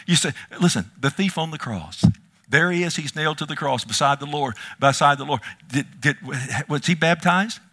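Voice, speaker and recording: A man preaching a sermon to his congregation, emphatic, dropping to a hush and then rising loud, often asking the listeners questions. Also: on the high side, lively intonation, moderate pace. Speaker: pastor.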